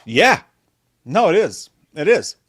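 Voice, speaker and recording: A man co-hosting a live movie chat stream, joking and swearing through excitable rants. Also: fairly high pitch, slow pace, breathy edge, no echo, studio quality. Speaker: co-host of a live movie show.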